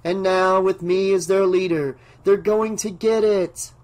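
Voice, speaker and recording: A man reading aloud and voicing a delirious male bank clerk who talks in a calm, deferential but firm way. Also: high voice, a little slow, voice pushed up. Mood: dreamy, formal. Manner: dreamy, deferential yet firm.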